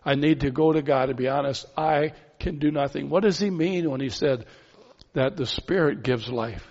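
A man's voice: a little high, normal speed, a little mellow. A man preaching a sermon, earnest and pleading, asking the listeners many questions. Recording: dull sound with long hall reverb.

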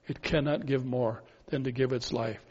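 A man's voice: medium pitch, steady tone, moderate pace, a little mellow, slightly rough. Earnest preacher man in echoing hall. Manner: earnest, repeats key phrases for emphasis. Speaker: pastor. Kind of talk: sermon. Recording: dull sound with long hall reverb.

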